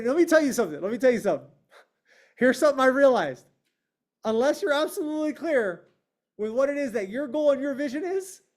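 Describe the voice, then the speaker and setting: A man whose voice is very high yet darkish in tone leads his real estate team's sales meeting online via video call. He confronts them emphatically, peppering them with questions and acting out what clients say.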